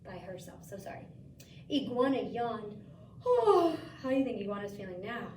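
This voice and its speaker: A woman teacher reads a picture book aloud to a child, pausing for gentle questions and lifting her voice for the characters. Her voice sits a little high and is caught from across a roomy, echoing space with a light hiss behind it. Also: lively intonation. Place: school room. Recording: echoey room, mic from far off.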